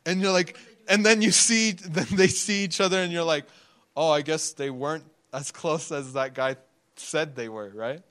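A young man delivers a sermon with a slightly raised pitch. He talks to the congregation in a loose, chatty way, laughing often and acting out the people in his stories. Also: expressive, moderate pace, a bit bright. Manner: conversational, laughs often, acts out quotes in the story. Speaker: preacher.

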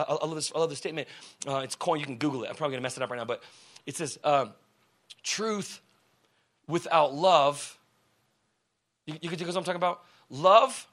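A male preacher giving a passionate, casual sermon that swings from quiet explanation to shouting. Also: on the high side. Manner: casual, conversational phrasing.

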